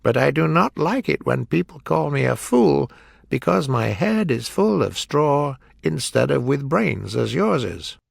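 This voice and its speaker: A man voicing a friendly, timid male scarecrow made of straw, speaking gently and with a stammer. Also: mid-range voice, sing-song, measured pace, vocal fry, dry recording, studio quality, full character voice. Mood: sad wondering. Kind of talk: storybook character voice.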